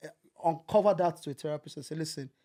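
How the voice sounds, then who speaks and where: Podcast co-host, man in his thirties from Nigeria; lively storyteller who slips into quoted voices. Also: fairly high pitch, quick pace. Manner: animated, acts out quotes, repeats words. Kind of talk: casual chat.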